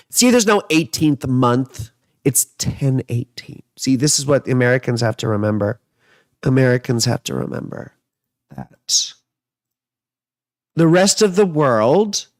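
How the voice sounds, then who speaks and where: A man's voice: medium pitch, expressive, measured pace, dry recording, clean studio sound. A man giving a casual, rambling horoscope reading from his living room, chatting and drifting between topics. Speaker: astrologer and tarot reader.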